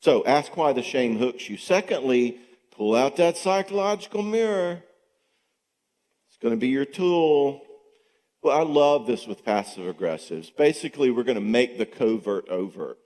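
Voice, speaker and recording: A middle-aged man with a medium-pitched voice speaks at a moderate pace, giving a conversational teaching talk at a marriage conference. He's animated and acts out the lines of husbands and wives. The sound carries a long reverb from the church hall he's in.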